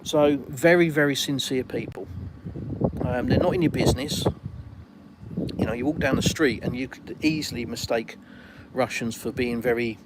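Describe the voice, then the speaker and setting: A man's voice: medium pitch, moderate pace, heavy background noise. An English man hosting a casual live stream outdoors in a garden, rambling and colloquial as he reads viewers' comments aloud. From England.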